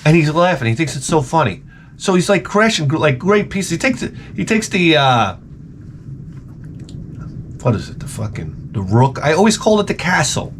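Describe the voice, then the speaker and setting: Animated ranting man, rambling and profane. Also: on the high side, moderate pace, a little hiss or hum. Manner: rambling, profane comic storytelling. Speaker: retro gaming YouTuber. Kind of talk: casual rant.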